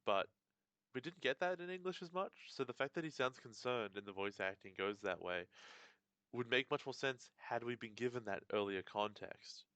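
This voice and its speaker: A man's voice: mid-range voice, lively intonation, normal speed, sharp tone, clear, resonant tone, no room sound. A young man co-hosting a podcast in casual chat, analytical and wry with blunt opinions. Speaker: podcast co-host.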